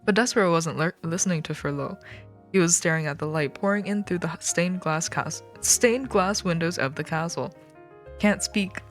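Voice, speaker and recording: Low-voiced woman streamer reading aloud. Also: moderate pace, faint music behind. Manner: joking asides, laughs, swears casually. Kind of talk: reading a children's book aloud on a live stream.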